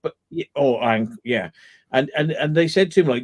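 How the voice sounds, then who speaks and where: A man chatting on a live stream, animated and laughing as he tells stories and acts out quotes. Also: fairly high pitch, moderate pace. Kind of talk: casual chat on a live stream.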